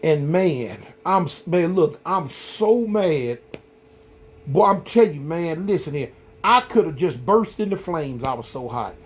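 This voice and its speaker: A middle-aged man hosting a vlog, telling a story in a casual, rambling, animated way, full of "man" and "y'all". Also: a little high, unhurried, a little hiss or hum. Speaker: vlog host.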